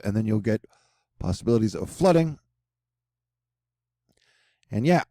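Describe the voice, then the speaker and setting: A man with a mellow, warm voice gives a casual weather forecast over a map. He rambles, drops jokes and slang asides, and sounds offhand. The recording is dry and close. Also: fairly low pitch, no room sound. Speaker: weather channel host.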